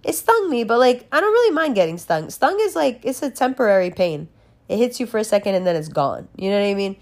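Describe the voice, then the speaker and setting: A woman's voice: fairly high pitch, sing-song, quick pace, a little mellow. A young woman talking candidly in a casual monologue, swearing freely and laughing as she tells a personal story.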